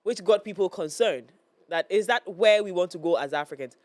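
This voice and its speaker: A woman's voice: lowish voice, lively intonation, brisk, dry recording. A woman hosting a morning talk show, her voice stuffy and nasal from a cold. She talks in a chatty, meandering way, full of "um"s and restarts, close to a studio mic in a dry, deadened room. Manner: chatty, hesitant with many fillers. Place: broadcast studio. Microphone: studio microphone.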